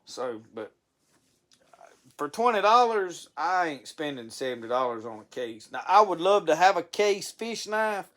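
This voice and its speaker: Man, stream host, fairly high pitch, rambling folksy chat with frequent restarts. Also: a bit bright. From Mississippi. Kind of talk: casual live-stream chat.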